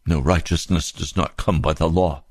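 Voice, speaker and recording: A male preacher delivering an impassioned sermon full of rhetorical questions, climbing to high emphatic peaks. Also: fairly even intonation, moderate pace, a little mellow, dry recording, clean studio sound.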